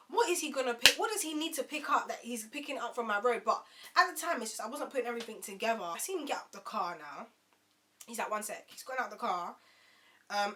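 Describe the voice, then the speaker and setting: A young woman tells a storytime to camera. She is animated and chatty, turning often to her viewers. Her voice is bright and sits a little high. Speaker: vlogger.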